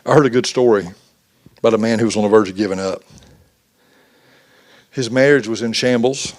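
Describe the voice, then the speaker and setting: A man's voice: lowish voice, a little fast. A man giving a folksy, conversational youth sermon, acting out quotes as he goes. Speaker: youth pastor.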